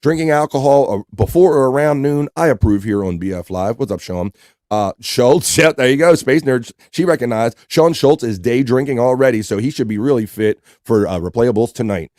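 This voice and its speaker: A man hosting a casual livestream, reading out chat messages and giving playful shout-outs. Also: mid-range voice, moderate pace, no echo. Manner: reads chat messages aloud and gives lively shout-outs; playful, loose and joking. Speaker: livestream host.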